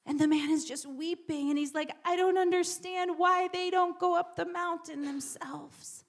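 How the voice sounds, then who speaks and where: A woman's voice: extremely high pitch, fairly even intonation, moderate pace. A woman preacher giving a sermon in a church, repeating words and dropping to whispers for emphasis.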